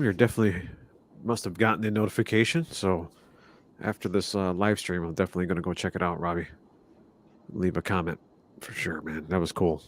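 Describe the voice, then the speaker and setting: A laid-back man with a fairly low voice chatting on a live stream. He talks in an easy, friendly, slangy way, dropping "man" and "dude" often. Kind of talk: casual live stream chat.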